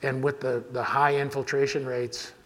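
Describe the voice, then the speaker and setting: Farmer at a podium, loose and rambling, mid-pitched, hall echo. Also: male voice, flat delivery, normal speed, a bit bright. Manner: casual, rambling, frequent restarts. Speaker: farmer giving a talk. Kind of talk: conference presentation with audience Q&A. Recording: hall reverb.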